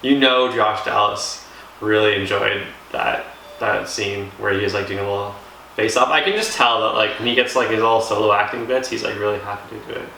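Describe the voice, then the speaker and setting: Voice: medium pitch, fairly quick, gravelly, bright, forceful tone. A co-host in a casual TV review chat, making sarcastic, dry asides. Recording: echoey room with faint hiss.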